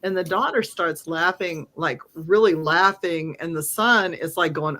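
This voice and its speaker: A woman medium on a podcast, telling stories with a bright, forward tone. She swears freely and laughs often. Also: fairly low pitch, measured pace. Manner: blunt and profane, laughs often. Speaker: psychic medium, podcast guest. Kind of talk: casual storytelling.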